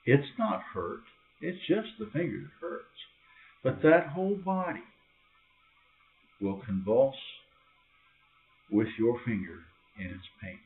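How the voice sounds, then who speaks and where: A man gives a casual, conversational sermon at a middle pitch. He breaks into quoted voices with sudden high, loud cries. The recording is tinny and narrow, as if heard over a phone line. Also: big pitch swings, takes it slowly, long pauses. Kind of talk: informal sermon.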